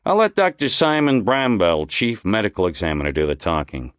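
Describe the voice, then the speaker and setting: A man voicing an irritable, gruff male police lieutenant who talks bluntly and impatiently. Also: on the low side, huge pitch swings, brisk, a bit bright, dry recording, studio quality. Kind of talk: audiobook character voice.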